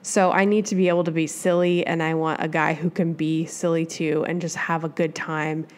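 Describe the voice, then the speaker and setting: A woman's voice: low-pitched, flat delivery, normal speed. A woman from the Midwest hosting a solo advice podcast, talking in a chatty, rambling way with lots of asides. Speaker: podcast host.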